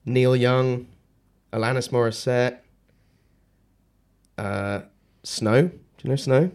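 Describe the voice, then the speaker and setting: Chill guy on a podcast, easygoing banter, plain even voice. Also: mid-range voice, takes it slowly, smooth. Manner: laid-back, joking, reads off a list. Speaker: podcast host. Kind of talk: casual chat.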